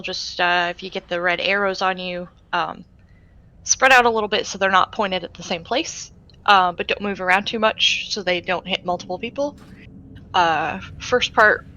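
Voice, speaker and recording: Bright-voiced woman leading a raid. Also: mid-range voice, normal speed, lo-fi sound. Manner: patient, instructive, with many fillers. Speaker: raid leader. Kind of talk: explaining game tactics on voice chat.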